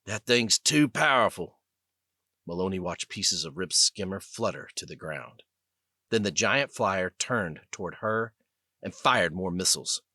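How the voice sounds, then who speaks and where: A man narrating an audiobook with an expressive, scripted delivery. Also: sits low, unhurried, no echo, clean studio sound. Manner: expressive, lively reading.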